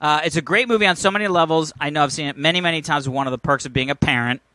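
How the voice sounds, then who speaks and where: Bright, lively man hosting a podcast. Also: on the high side, very fast, no echo. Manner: animated, jokey storyteller. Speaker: podcast co-host reading listener mail. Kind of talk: casual chat.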